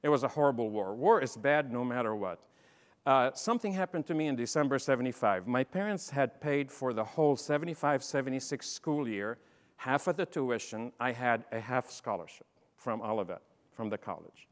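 Middle-aged man, animated, humorous keynote speaker; long reverb of a large hall. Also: mid-range voice, normal speed. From Lebanon. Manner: animated, humorous, acts out dialogue. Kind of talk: storytelling talk to an audience.

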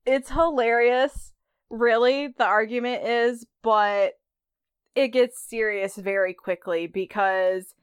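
A woman's voice: on the high side, steady tone, takes it slowly, clean tone, no echo, studio quality. A woman podcast host giving a chatty, conversational recap of a TV episode.

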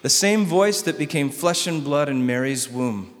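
A male pastor preaching a sermon, swinging between loud emphatic lines and soft hushed ones. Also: fairly high pitch, lively intonation, moderate pace, in a large hall.

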